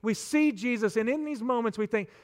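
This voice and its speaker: A man's voice: very high-pitched, brisk. A male pastor preaching a sermon in an earnest, conversational way.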